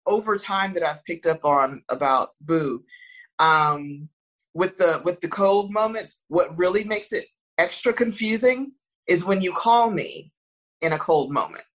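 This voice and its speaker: A woman in casual conversation, speaking thoughtfully with a soft, soothing voice and frequent restarts. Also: fairly low pitch, lively intonation, a little slow, low-quality recording.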